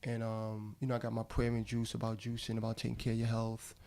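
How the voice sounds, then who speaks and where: A man's voice: on the low side, monotone, fast talker, gravelly, a little mellow. A middle-aged man who is a guest actor, talking casually on a podcast in slangy, loose speech. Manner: slangy and loose, calls people bro. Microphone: studio podcast mic.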